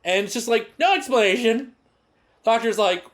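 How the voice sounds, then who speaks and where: A man co-hosting a podcast, recapping an old episode in casual chat, swearing and mocking characters with quick put-on voices. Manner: profane, animated, mocking quotes in high put-on voices. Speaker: podcast co-host.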